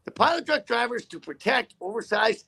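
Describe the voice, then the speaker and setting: A man's voice: very high-pitched, expressive, brisk, creaky, pushed and bright, breathy edge. A man who drives trucks, telling a story in a casual interview with a profane, rambling, heated manner.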